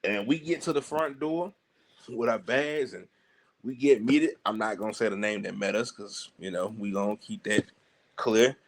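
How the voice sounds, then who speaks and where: A man with a Southern US accent, a wrestler guest telling a road-trip story in an animated way and acting out other people's lines. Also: fairly low pitch, normal speed. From Southern United States. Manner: lively, acts out other people's lines, heavy slang.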